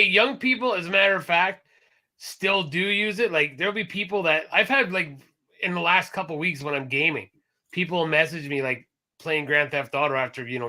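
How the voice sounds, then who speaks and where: A man co-hosting a casual podcast, talking in an animated way and swearing freely. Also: fairly high pitch. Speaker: podcast co-host.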